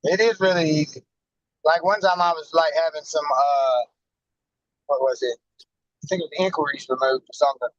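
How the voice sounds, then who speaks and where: Man, casual chat, laid-back, high voice, dull lo-fi dry recording. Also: moderate pace, long pauses, dry recording. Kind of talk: casual conversation.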